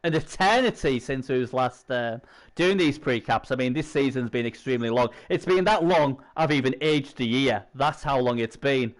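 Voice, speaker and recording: A man's voice: mid-range voice, normal speed. A man, hosting a stream in rambling, chatty banter. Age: 40s. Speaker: stream host. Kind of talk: casual chat.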